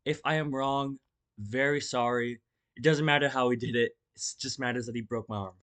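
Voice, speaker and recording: Speaking at a normal speed with a medium-pitched, smooth, fairly bright voice and fairly even intonation, a young man recounts a storytime vlog loosely, swearing, restarting, using lots of fillers and gesturing to act the story out.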